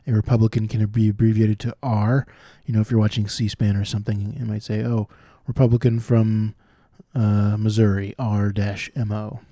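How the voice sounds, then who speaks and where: Guy working thru crossword clues out loud, lowish mellow voice, explains as he goes, very dry sound. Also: level tone, moderate pace, hardly any pauses, no room sound. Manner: thinking aloud, explaining clues. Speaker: puzzle solver. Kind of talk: solving crosswords aloud.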